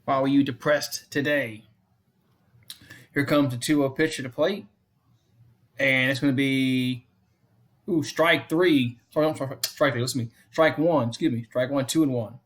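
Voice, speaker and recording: A man calls a game pitch by pitch for his own fan stream, in a casual, unpolished way. He keeps restating the count and score and turns aside to chat with viewers between pitches. His voice sits at an ordinary middle pitch for a man. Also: steady tone, moderate pace, long pauses, fairly bright tone. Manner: repeats the count and score often. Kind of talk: casual play-by-play commentary.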